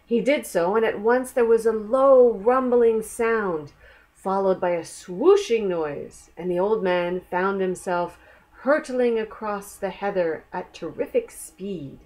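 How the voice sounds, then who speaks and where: A woman reading a picture book aloud to children, gentle and asking the listener questions. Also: medium pitch, slow. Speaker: storyteller.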